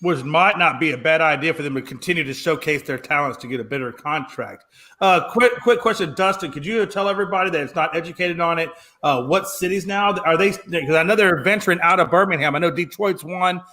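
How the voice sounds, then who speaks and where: Male sports co-host, high bright voice, loud blustery banter. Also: faint music behind. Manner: joking, loud and blustery, drawn-out emphatic phrases. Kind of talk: casual sports talk banter.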